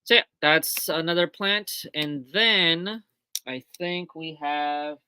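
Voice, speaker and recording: A woman's voice: sits low, slow pace, sharp tone, smooth, dry recording. A woman hosting a casual live stream from a small shop, chatty and full of ums and self-corrections. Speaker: shop host on a livestream. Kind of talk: casual live product walkthrough.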